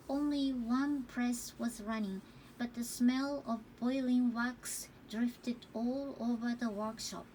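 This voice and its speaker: A woman reading a novel aloud as calm, careful narration. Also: a little high, slight background noise, poor audio. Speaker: audiobook reader.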